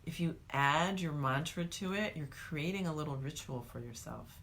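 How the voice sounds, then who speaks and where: A woman teaching a guided meditation, calm and coaching, speaking straight to the viewer. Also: deep voice, moderate pace, slight background noise.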